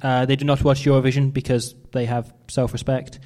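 A man playing a proud but awkward Russian Eurovision rapper in a put-on Russian accent, speaking halting broken English and then rapping fast. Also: mid-range voice, little pitch movement, very noisy, close to an everyday voice. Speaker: comedian.

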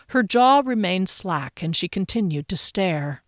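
A woman narrating a fantasy audiobook in an even, measured storytelling voice. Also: fairly low pitch, no echo, studio quality.

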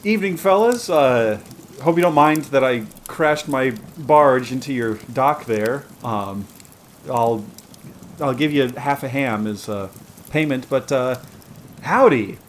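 Man playing a naive farm boy, stammering and hesitant, mid pitch, faint hiss behind. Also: expressive, slow. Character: naive young farmer man on a barge.

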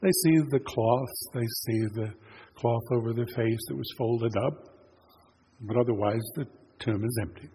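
A man preaching in a church sanctuary, telling the story in an easygoing, conversational way. His voice sits at an ordinary middle pitch. It carries a long reverb from the hall, with a faint hiss of noise underneath. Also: a little slow, warm tone. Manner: conversational storytelling, retelling scripture in plain words. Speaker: pastor. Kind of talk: sermon.

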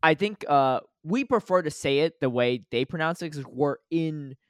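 Animated man on a dry podcast mic. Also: a little high, moderate pace, dry recording. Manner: animated, filler-heavy, explains things at length. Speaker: podcast co-host. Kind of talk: casual podcast chat, reading live chat comments aloud.

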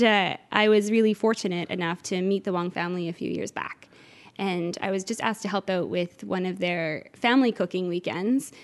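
A middle-aged woman from Newfoundland, an interview guest who organizes cooking classes, talking in an eager, chatty way with frequent uhs. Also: mid-range voice. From Newfoundland, Canada. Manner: enthusiastic, warm, chatty with filler uhs. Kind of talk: conversational interview answers.

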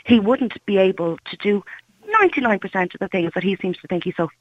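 A woman's voice: medium pitch, fast, no room sound, highs cut off. An Irish woman calling in to a radio phone-in, talking with passion and indignation, blunt about what she thinks. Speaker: caller.

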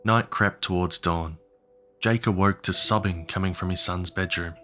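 Male horror narrator, deep, measured storytelling over a music bed. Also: fairly even intonation, sharp tone.

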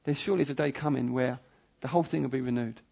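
A man's voice: mid-range voice, very fast, gravelly, warm tone, husky. A man preaching a sermon, emphatic and pleading, repeating his phrases for weight. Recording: dull lo-fi sound.

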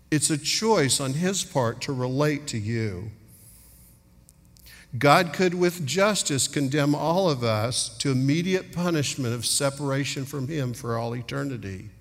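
A middle-aged man preaching a sermon earnestly, acting out little dialogues as he speaks. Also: a little high. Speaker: pastor. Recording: long hall reverb.

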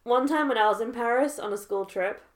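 A woman co-hosting a casual chat who tells animated stories and breaks into laughter. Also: fairly high pitch, a little fast.

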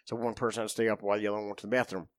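A man's voice: on the low side, flat delivery, racing, smooth, no echo. A man casually telling military stories, profane and laughing as he acts out what people said. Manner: profane, laughing storyteller who acts out quotes. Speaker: podcast guest, former Marine. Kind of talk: casual storytelling chat.

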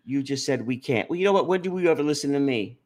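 A man, co-hosting a crude, rambling comedy podcast, swearing often and jumping from mumbles to shouts. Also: medium pitch, lively intonation, quick pace. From New York. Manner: profane, rowdy, swings from mumbling to shouting. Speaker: podcast co-host.

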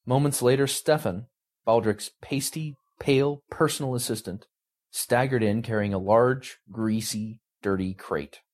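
A man giving a dramatic story reading with an expressive, animated delivery. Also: medium pitch, a little slow. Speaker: story reader.

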